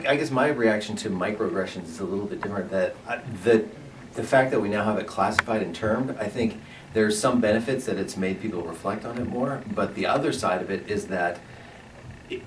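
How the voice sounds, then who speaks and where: Male panelist, deep voice, measured and thoughtful, distant roomy sound. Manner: thoughtful, builds an argument step by step. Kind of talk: panel discussion. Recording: roomy, distant mic, light noise.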